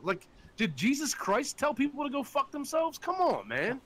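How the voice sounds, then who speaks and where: A man's voice: very high voice, wildly swooping pitch, moderate pace, fairly bright tone. A man co-hosting a live call-in show, ranting angrily and swearing constantly, often mocking people in put-on voices. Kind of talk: profane ranting chat.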